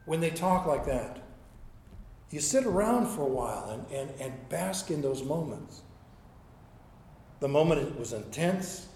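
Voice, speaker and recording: Storytelling pastor in an echoey room. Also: male voice, fairly high pitch, sing-song, measured pace, long pauses, a little mellow, slight background noise. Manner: storytelling, acts out quoted speech, repeats words. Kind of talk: sermon.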